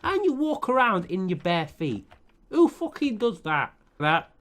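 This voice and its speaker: A man's voice: sits high, very animated, a little slow, fairly bright tone. A man commentating over a life-sim game, sarcastic and profane as he scolds the characters. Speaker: let's play commentator.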